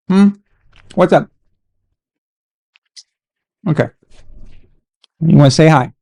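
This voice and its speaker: A man hosting a casual sports live stream, animated and exasperated as he chats with viewers. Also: a little high, slow pace, vocal fry, pauses often, no room sound.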